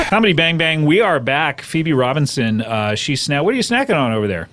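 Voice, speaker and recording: A man's voice: on the high side, very animated, a little fast, hardly any pauses, fairly bright tone. A man hosting a comedy podcast, playful and jokey, reading ads and bantering with guests. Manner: playful, jokey, mock-amazed. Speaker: podcast host.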